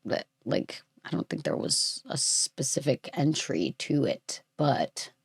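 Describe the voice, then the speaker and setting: A woman's voice: a bass voice, very animated, takes it slowly, creaky, husky, no echo, studio quality. A woman hosting a podcast, chatting casually in a rambling, playful way with lots of fillers. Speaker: podcast host.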